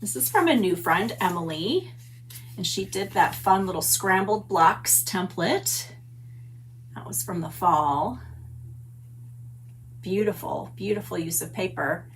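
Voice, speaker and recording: Woman, middle-aged, crafting livestream host, unhurried gushing chat, faint hum behind. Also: lowish voice, animated. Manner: chatty, gushing, greets viewers by name. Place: home stamp room.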